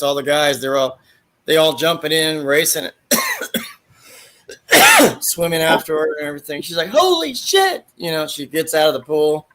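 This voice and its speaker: Bright-voiced man rambling through a story. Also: on the high side. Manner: rambling storyteller who acts out quoted lines. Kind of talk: casual chat, retelling movie scenes.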